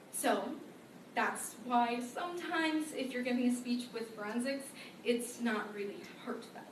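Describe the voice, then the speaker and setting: A teenage woman giving a senior class presentation at school, speaking in a conversational, plain explaining tone. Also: a little high. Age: teens. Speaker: student presenter. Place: school room. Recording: echoey room from far off with noise.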